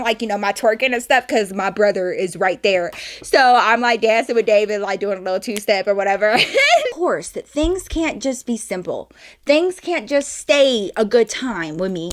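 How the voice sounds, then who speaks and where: A young woman telling a club story to her viewers in a chatty, animated way, swearing freely and calling them y'all. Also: mid-range voice. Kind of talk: casual storytime.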